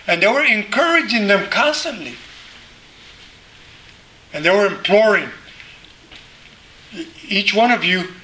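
A man's voice: high voice, bright, forceful tone, a little hiss or hum, poor audio. A middle-aged man preaching a sermon as pastor, earnest, often repeating and restarting his words.

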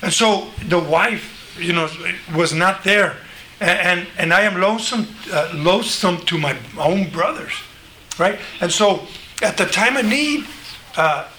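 A man preaching a conversational sermon, animated, acting out the voices he quotes. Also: sits high. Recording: echoey room, faint noise.

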